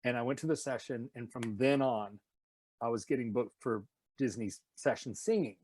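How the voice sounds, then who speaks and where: A man's voice: medium pitch, normal speed, a little mellow, dry recording. A man from Nashville in a casual interview, animatedly telling stories about his voice work and sometimes slipping into announcer voices. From Nashville, USA. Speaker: voice actor and singer, guest.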